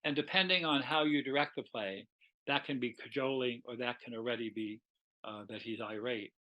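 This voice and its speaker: A man's voice: medium pitch, moderate pace, dull audio. A man giving a conversational literature lecture, retelling scenes animatedly and slipping into quoted dialogue.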